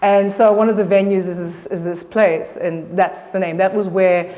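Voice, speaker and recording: A woman's voice: mid-range voice, steady tone, moderate pace, warm tone. Profane, rambling woman artist. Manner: profane, rambling, self-correcting. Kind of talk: casual artist talk. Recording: long reverb of a hall.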